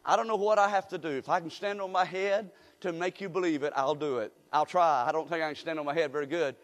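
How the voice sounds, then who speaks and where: A man's voice: a little high, steady tone, fast, long reverb tail. An older man preaching a sermon in a church, folksy and emphatic, leading the congregation in call-and-response. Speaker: guest preacher.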